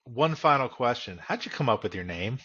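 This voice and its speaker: A man's voice: mid-range voice, lively intonation, fairly quick, pushed and bright, husky, muffled recording. A man hosting a podcast interview, friendly and effusive with his guest. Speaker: podcast host.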